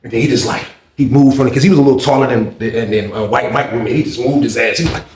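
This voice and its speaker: A man telling a story in a casual, animated, profane way, full of repetition. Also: mid-range voice, quick pace, echoey room.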